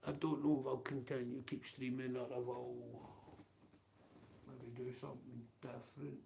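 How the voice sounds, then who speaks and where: A man's voice: mid-range voice, flat delivery, normal speed, vocal fry, mellow, a little hiss or hum. A man with a Scottish accent ranting on a livestream, profane and confrontational, with blunt taunts.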